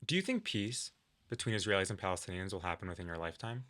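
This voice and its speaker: Male podcast host, lowish lively voice, quick and direct in his questions. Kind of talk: interview questions.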